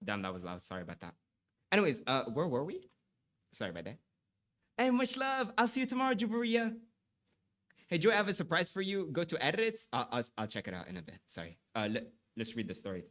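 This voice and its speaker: Very animated and quick, this young man's mid-range voice has a fairly bright tone as he talks with livestream viewers and reads aloud. A little stuffy from allergies, he stammers, repeats himself, and apologizes frequently.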